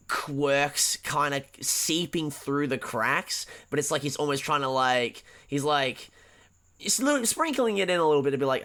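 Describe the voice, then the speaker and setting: A man co-hosting a podcast talks through a movie in loose, profane bursts. He keeps restarting his sentences. His voice sits a bit high and rings bright. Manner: animated, profane, halting with many restarts. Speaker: podcast co-host. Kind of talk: casual film-review chat.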